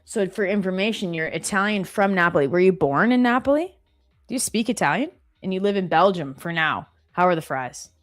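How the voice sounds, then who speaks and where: A woman hosting a live stream from an office, chatting casually and reading viewer comments aloud with quick, animated exclamations. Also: lowish voice, soft background music.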